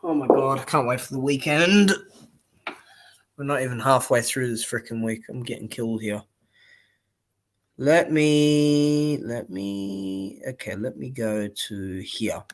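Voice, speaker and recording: A man's voice: mid-range voice, unhurried. A young man giving casual, rambling live-stream commentary on boxing, blunt and swearing freely.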